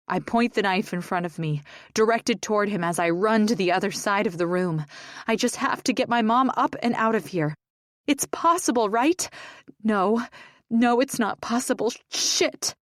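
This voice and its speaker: A woman's voice: medium pitch, no echo. A woman reading a first-person romance audiobook in a tense, emotional way, close to the mic. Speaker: audiobook narrator.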